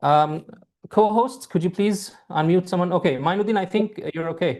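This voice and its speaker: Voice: medium pitch, brisk, a little mellow. A teacher running a live online class on a video call, answering students' questions in a friendly, patient way and repeating key points. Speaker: IELTS teacher. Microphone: computer mic on a video call.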